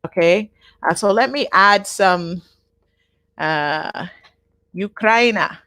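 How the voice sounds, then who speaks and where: A woman teaching a live online Japanese class, patient and repeating each word slowly for her learners. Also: lowish voice, animated, a bit bright, no room sound, clean studio sound.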